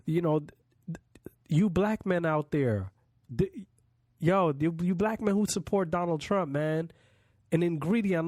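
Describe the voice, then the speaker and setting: A man's voice: a little high, a little mellow, no echo, studio quality. A man hosting a political podcast, talking bluntly and emphatically in a casual monologue and swearing freely. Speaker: podcast host.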